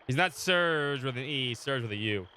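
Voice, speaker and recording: His throat is sore as he recovers from illness, but this man keeps up a chatty live game stream, reading the story text aloud, laughing often, and talking to chat in between. He has a medium pitch, lively intonation, a moderate pace, and a sharp tone. A little hiss or hum runs under the recording.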